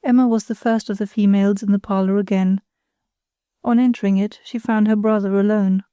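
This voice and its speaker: A woman reading a classic novel aloud as an audiobook narrator, in a measured, even storytelling manner. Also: medium pitch, smooth, no room sound. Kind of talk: scripted narration.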